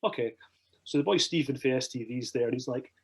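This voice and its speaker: Husky Scottish man telling a rambling story. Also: mid-range voice, brisk. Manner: rambling, animated, swears freely. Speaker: podcast guest. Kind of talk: casual storytelling.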